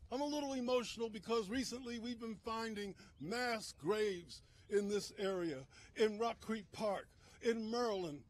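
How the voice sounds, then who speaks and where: A man with a notably high voice speaks as a minister at an outdoor press conference. His delivery is impassioned, swinging between near-shouts and quiet, heavy phrases. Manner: impassioned, rising to shouts and dropping low. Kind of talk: emotional speech at a press conference.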